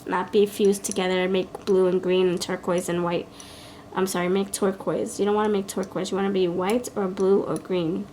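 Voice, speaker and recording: Woman doing a tarot card reading, blunt and kinda scolding, thinking out loud, little bit of hiss in the background. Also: medium pitch, flat delivery, normal speed. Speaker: tarot reader.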